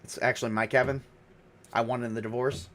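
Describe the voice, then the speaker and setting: A sharp-tongued divorced woman, played by a man in a tabletop game, correcting everyone with dry sarcasm. Her indignation comes through in a plain, everyday voice. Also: medium pitch, level tone, a little fast, lightly acted. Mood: sarcastic.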